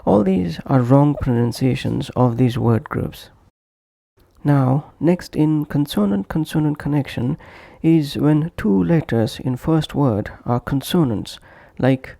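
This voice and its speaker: Male pronunciation tutor, slow deliberate drill delivery, warm gravelly tone, dry close voice-over. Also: mid-range voice, no room sound. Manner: slow, deliberate, repeats example phrases for drill. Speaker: English pronunciation teacher. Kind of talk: scripted instructional narration.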